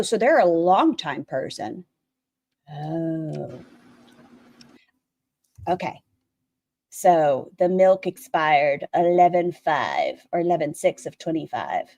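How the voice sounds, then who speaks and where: A woman's voice: on the low side, big pitch swings, a little slow, mellow, no room sound. A woman streamer giving blunt, opinionated commentary while reacting to another stream and talking to her chat.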